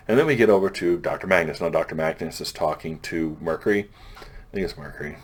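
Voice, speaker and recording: Low-voiced man rambling through a comic recap. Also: quick pace, a little hiss or hum. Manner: loose, rambling plot recap with frequent restarts; paraphrases characters in a plain offhand voice. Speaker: comic book reviewer. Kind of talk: casual chat.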